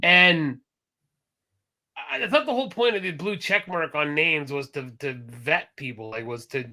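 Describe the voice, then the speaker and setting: A man co-hosting a casual podcast, talking in an animated way and swearing freely. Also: fairly high pitch, moderate pace. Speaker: podcast co-host.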